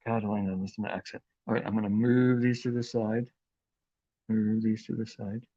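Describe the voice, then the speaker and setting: A man hosting a live craft demonstration, talking in an unhurried, chatty way with plenty of fillers as he works with his hands. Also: fairly low pitch, flat delivery, mellow, no room sound, highs cut off. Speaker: craft demo host.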